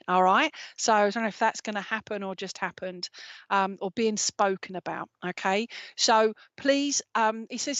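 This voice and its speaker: A woman's voice: mid-range voice, normal speed, fairly bright tone, no room sound. Chatty woman medium on lo-fi stream. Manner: chatty, checks in with "all right?" after nearly every phrase. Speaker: psychic medium. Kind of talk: live mediumship reading. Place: at home. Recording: dull lo-fi stream audio.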